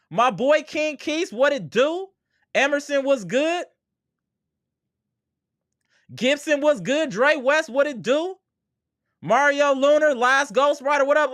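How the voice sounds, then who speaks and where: High-voiced hyped sports stream host. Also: male voice, dry recording, studio quality. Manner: hyped, slangy, rattles off shout-outs to chat. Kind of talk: casual live-stream chat.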